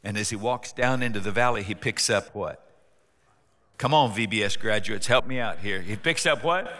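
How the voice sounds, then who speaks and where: A man's voice: lowish voice, normal speed. A man preaching a sermon in a church, telling the story with jokes and playful asides. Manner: animated, joking storyteller. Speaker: pastor. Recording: long hall reverb.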